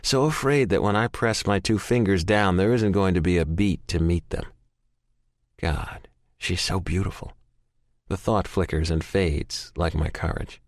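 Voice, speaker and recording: A man's voice: low-pitched, a little slow, no echo, clean studio sound. A man narrating a first-person audiobook in an intense, emotional way. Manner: intense, emotional, frequent swearing.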